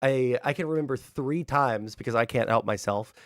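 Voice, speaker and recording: A man raised in the US Deep South talks politics in a loose, profane way, with a faint Southern lilt under his speech. His voice is close to the mic and dry, with little room sound. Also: no room sound. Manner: casual, profane, quick asides. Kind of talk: casual political chat.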